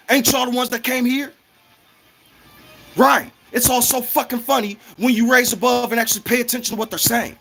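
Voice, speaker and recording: A man's voice: extremely high pitch, fairly even intonation, fairly quick, gravelly, a bit bright. A man ranting in a casual, heated, profane monologue, often repeating himself.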